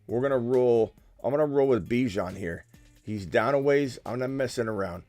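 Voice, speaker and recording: A man hosting a live stream, joking and excitable as he talks through his picks, sometimes dropping to a hushed whisper. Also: medium pitch, normal speed, dry recording, faint music behind. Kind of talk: casual live-stream commentary.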